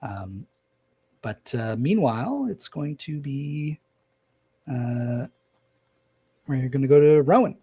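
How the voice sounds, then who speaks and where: Game master, man, mid-pitched, halting and descriptive, close dry mic. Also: animated, dark tone, breathy edge, no echo. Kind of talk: narrating a tabletop game.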